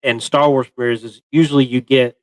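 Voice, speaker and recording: Guy rambling about a movie, lots of ums, smooth clear voice. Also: medium pitch, steady tone, a little fast, no echo, poor audio. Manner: rambling, lots of fillers and restarts. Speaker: co-host of a pop culture show. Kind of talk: casual movie review chat.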